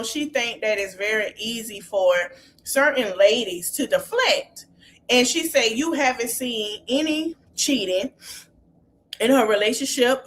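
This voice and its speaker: A woman's voice: fairly high pitch, slight background noise. A woman hosting a podcast, casually recapping a reality show reunion and animatedly acting out what the cast said. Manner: animated retelling, acting out quotes with exclamations. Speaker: podcast host.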